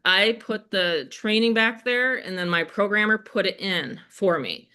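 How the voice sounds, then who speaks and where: Bright-voiced Western New York woman hosting. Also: mid-range voice, measured pace, clear, resonant tone. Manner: energetic, chatty, addresses audience directly. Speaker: webinar host. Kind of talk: live sales webinar chat.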